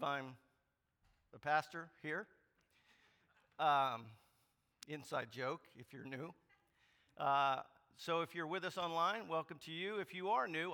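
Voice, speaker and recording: A man leads a church service as its pastor, his voice a touch high and notably bright and forceful. He talks in a loose, conversational way, full of ums and small self-deprecating jokes, then reads scripture aloud. A long reverb from the sanctuary trails after every phrase. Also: gravelly. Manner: conversational, hesitant with frequent ums, light self-deprecating humor. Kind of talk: sermon with scripture reading. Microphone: clip-on or body mic.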